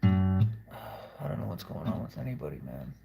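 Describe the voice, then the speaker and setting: A man's voice: low voice, sing-song, moderate pace, creaky, loud music behind the voice. A man rambling through a confessional video monologue, blunt and profane, wandering from thought to thought. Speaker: musician vlogger.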